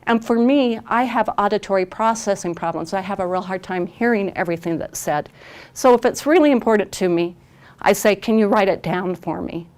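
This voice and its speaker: A woman's voice: medium pitch, fairly quick, a little mellow. Earnest woman giving a parent training talk. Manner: earnest, emphatic, with repeated phrases. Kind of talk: advocacy training presentation. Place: recorded on camera.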